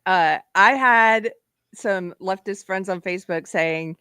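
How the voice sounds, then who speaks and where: A woman's voice: mid-range voice, slow, bright, forceful tone, clean tone, no room sound, clean studio sound. A woman hosting a live online show, chatting casually and laughing often as she tells stories. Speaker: host. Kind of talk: casual live-stream chat.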